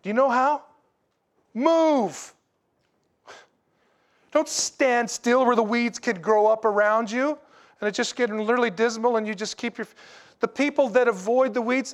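A man preaching a sermon in a folksy, animated way, with asides to the congregation. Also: extremely high pitch, moderate pace, pauses often. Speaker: pastor.

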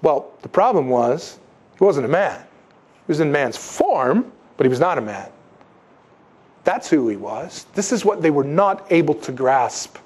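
A man with a slightly higher voice preaches a sermon. He talks conversationally and is animated, and he acts out the quotes himself. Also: a little slow, husky. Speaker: pastor.

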